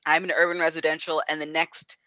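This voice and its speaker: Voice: mid-range voice, level tone, a little fast, pushed and bright, no room sound. Interview guest, from New Jersey, casual chat, rambling with fillers, dry close sound, slightly lo-fi. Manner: rambling, many fillers and laughs.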